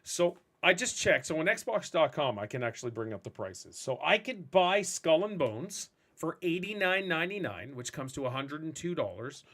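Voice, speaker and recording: A man hosting a casual gaming podcast, ranting in a rambling, animated way. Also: fairly high pitch, normal speed, hardly any pauses. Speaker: podcast host and streamer.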